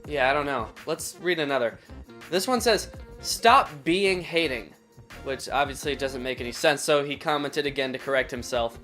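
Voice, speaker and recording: A man's voice: mid-range voice, fairly quick, fairly bright tone, faint music behind. A young man hosting a comedy video, reading mean comments with sarcastic, playful asides. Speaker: comedy YouTuber host.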